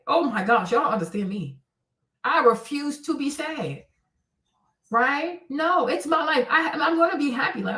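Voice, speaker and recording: A woman's voice: sits high, a bit bright. A woman in her forties hosting a live stream, ranting bluntly and preachily in casual talk and often asking "right?". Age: 40s. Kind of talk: casual livestream rant. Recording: echoey room, voice a bit far from the mic.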